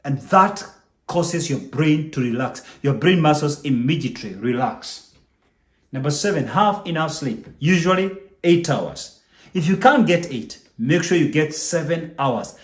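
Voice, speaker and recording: A man's voice: on the high side, lively intonation, a little slow, roomy sound. A man hosting a business channel, giving a motivational talk to the camera, emphatic and preachy, repeating his key points.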